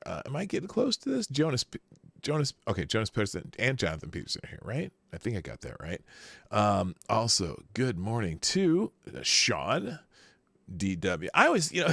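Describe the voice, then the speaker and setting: Animated rambling man. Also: on the low side, no room sound. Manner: rambling, self-correcting, chuckling asides. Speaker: live show host. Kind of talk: casual live-stream chat, reading viewer names.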